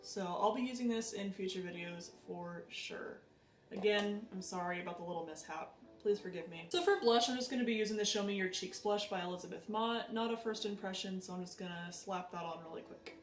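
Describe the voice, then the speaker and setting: A woman vlogger chatting casually as she tries out makeup, animated and self-deprecating. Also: medium pitch, brisk, reverberant, recorded from a distance, faint music behind. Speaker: beauty vlogger. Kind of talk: casual makeup tutorial chat.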